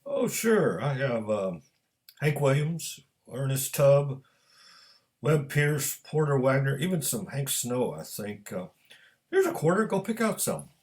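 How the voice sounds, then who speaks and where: A man's voice: huge pitch swings, unhurried, darkish tone. A man reading a story aloud, voicing a big red-headed bar owner with a heavy Scottish brogue. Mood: hearty. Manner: heavy brogue, booming and friendly.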